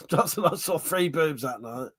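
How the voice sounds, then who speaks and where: A man's voice: on the high side, lively intonation, unhurried, a bit bright, husky, dry recording. A man hosting a livestream, casually chatting, reading viewer comments and laughing often through crude banter. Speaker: livestream host.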